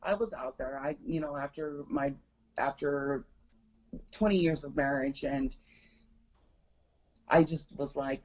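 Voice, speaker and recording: Middle-aged woman, low-pitched chatty storyteller, lo-fi call audio. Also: normal speed, a little mellow. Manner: chatty, retells a friend's words with many "she goes". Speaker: guest. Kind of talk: casual storytelling on a video call.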